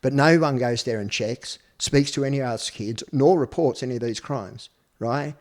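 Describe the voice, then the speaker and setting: Man, 50s, Australian accent, blunt, swears a lot, middle pitch, first-person storytelling interview. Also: normal speed, a little mellow. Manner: blunt, swears freely, acts out quoted speech. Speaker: podcast guest.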